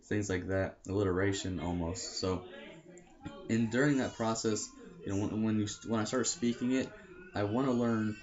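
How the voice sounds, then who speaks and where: A young American man with a low voice rambles casually to camera and keeps correcting himself with lots of fillers. The sound is dull and lo-fi, like a basic home recording. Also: fairly even intonation, normal speed, darkish tone. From United States. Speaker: language learning vlogger.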